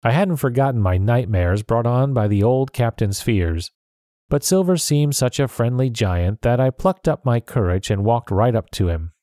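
A man reads a story aloud in a measured, steady way. His voice sits at an ordinary middle pitch. The recording is dry and close, with no room echo. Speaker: narrator. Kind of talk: storybook reading.

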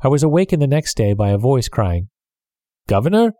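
Mellow-voiced male audiobook narrator. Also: mid-range voice, no echo, studio quality. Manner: measured, even storytelling.

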